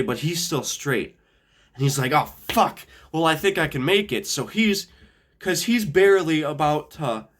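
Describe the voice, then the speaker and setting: A young man from the upper Midwest of the US, telling a casual anecdote in a rambling way, swearing often and restarting his sentences. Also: on the high side. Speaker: storyteller.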